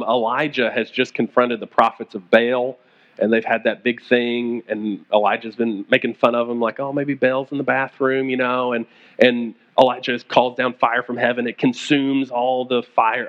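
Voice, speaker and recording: A pastor preaching a conversational sermon, retelling stories and acting out the quoted voices. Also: male voice, mid-range voice, little pitch movement, moderate pace, highs cut off.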